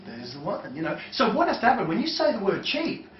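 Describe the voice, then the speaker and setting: A man's voice: high-pitched, wildly swooping pitch, brisk, a little hiss or hum. A man running a live seminar for an audience, teaching in a loose, chatty way with lots of fillers, recorded from a distant mic. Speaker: seminar trainer. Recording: echoey, distant, dull lo-fi room recording.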